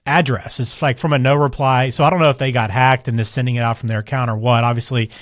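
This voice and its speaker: Quick, chatty male podcast co-host. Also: mid-range voice, steady tone, dry recording, studio quality. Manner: quick, chatty, loose with fillers. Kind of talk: casual conversational chat.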